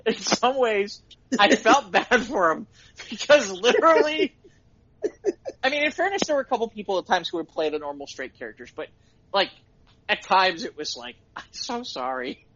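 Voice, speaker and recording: A middle-aged man, a podcast co-host, telling excited stories in casual chat and laughing at them himself. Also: sits high, normal speed, muffled recording. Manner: excitable storyteller, laughs at his own stories.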